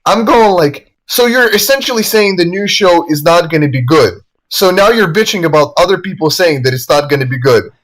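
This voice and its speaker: A man's voice: high voice, lively intonation, brisk, hardly any pauses, fairly bright tone, low-quality recording. Profane rambling young-sounding man. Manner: profane, rambling, laughs often. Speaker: co-host reacting to a video. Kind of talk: casual group reaction chat.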